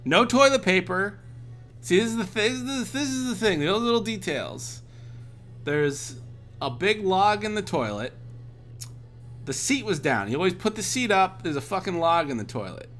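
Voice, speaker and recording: An art streamer, a man with a high-pitched, fairly bright voice, drinks on a livestream while casually telling a rambling, profane anecdote.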